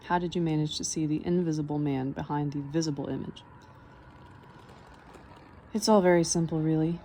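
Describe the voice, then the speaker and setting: A wise old man speaks softly and patiently, voiced by a woman reading the story aloud. The voice sits low and mellow, with an unhurried, gentle way of explaining. It reads as a calm elder in a spoken storybook. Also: slight background noise, lightly acted.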